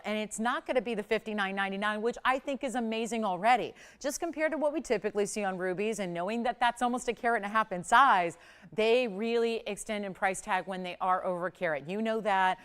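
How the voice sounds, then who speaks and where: A woman hosting a live home shopping show, giving a chatty, upbeat sales pitch for jewelry from a TV studio. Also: clean tone.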